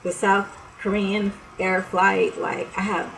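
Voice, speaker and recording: Gravelly-voiced woman ranting. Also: medium pitch, level tone, slow, fairly bright tone, a little hiss or hum, rough recording. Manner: heated, profane and blunt, with laughs and sighs. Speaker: vlogger. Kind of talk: casual on-camera rant.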